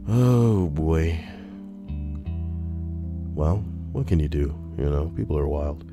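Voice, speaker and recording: Deep-voiced man with lively, crude banter. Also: slow pace, music in the background. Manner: rambling, crude and sarcastic asides. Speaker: streamer reading online posts. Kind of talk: casual live-stream commentary.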